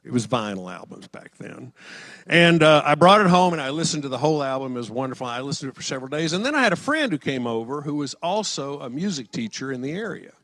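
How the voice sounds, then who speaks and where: A man's voice: on the high side, sing-song, fast talker, fairly bright tone, no room sound. A middle-aged man preaching a sermon in a conversational storytelling way, lifting his voice for quoted lines. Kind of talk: sermon with personal stories.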